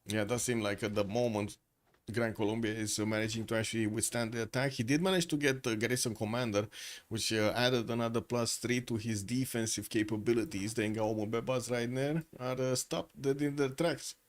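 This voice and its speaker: A man's voice: medium pitch, fairly even intonation, brisk. A man giving live, chatty commentary on a strategy game match who often stops to ask his viewers questions. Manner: chatty, asks chat questions, frequent filler words. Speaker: esports caster.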